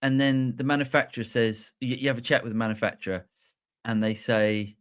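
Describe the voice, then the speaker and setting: A man's voice: medium pitch, fairly even intonation, fairly quick, clear, resonant tone. A man co-hosting a live show, talking in a rambling way with many restarts. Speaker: co-host. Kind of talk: casual live show chat.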